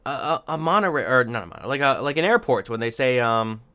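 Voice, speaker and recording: A man's voice: mid-range voice, expressive, fast, bright, forceful tone, clean tone. Rambling, wry man giving opinion commentary. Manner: rambling, thinks aloud with many restarts; wry, sarcastic asides. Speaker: commentary vlogger.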